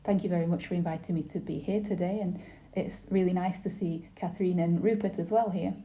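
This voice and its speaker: A woman giving a simultaneous interpretation of a webinar panel, speaking in a measured, formal way with brief pauses and restarts. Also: lowish voice, steady tone, dark tone.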